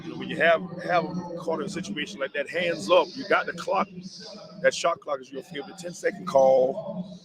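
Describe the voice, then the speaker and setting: A man's voice: a little high, fairly even intonation, normal speed, crowd noise, rough recording. A man giving basketball color commentary in a coach-like way, urging the players on.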